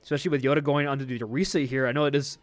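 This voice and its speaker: A man's voice: medium pitch, steady tone, racing, no echo. A man casting a live esports match, chatty and joking as he walks through the play. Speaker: esports caster.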